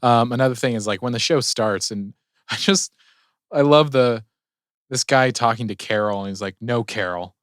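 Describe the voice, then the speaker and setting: A man on a podcast chatting in a relaxed way, laughing as he talks. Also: mid-range voice, moderate pace, dry recording, clean studio sound. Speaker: podcast co-host. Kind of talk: casual chat.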